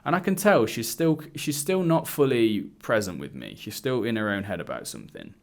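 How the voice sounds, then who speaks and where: Male dating coach, lower pitch, casual to-camera storytelling, acts out the dialogue. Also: very animated, moderate pace, gravelly. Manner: candid, swearing, acts out quoted dialogue. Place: indoors, wearing a hood. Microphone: camera mic.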